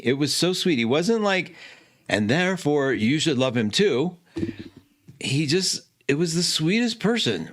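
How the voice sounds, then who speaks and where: A man hosting an astrology show, telling a personal story in a casual, animated way and acting out the dialogue. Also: medium pitch. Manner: animated, exclaiming, acts out dialogue with laughs.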